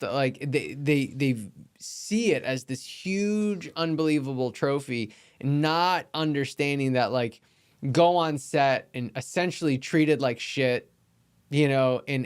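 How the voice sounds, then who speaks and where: A man's voice: mid-range voice, clear, resonant tone. A man hosting a podcast, chatting casually with a loose, emphatic delivery full of fillers. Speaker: podcast host. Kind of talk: casual interview chat.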